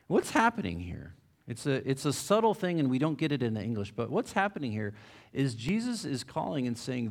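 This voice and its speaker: A man's voice: medium pitch, sing-song, normal speed, vocal fry. A man giving a casual, conversational sermon, asking the audience questions and using plenty of fillers. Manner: reads a passage aloud with rising emphasis. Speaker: preacher.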